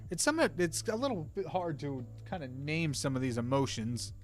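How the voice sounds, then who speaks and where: A man's voice: on the high side, very animated, brisk. Young male streamer, rambling casual chat, talks to viewers by name, faint music underneath. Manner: rambling, self-interrupting, chats to viewers by name. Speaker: streamer drawing with live chat.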